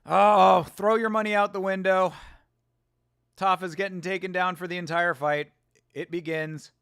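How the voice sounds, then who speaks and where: A man hosting a fight watch-along, giving casual, excitable reaction commentary. He yells at the fighters, laughs often and sits close to the mic. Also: high voice, measured pace, clear, resonant tone, dry recording.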